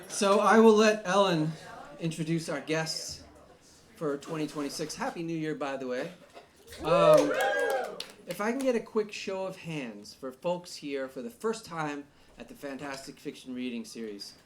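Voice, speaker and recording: A man from Long Island, New York, hosting a live reading series in a bar, joking and energetic with the audience. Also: a little high, a little slow. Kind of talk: live event emcee. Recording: noisy bar with crowd. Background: crowd chatter and noise.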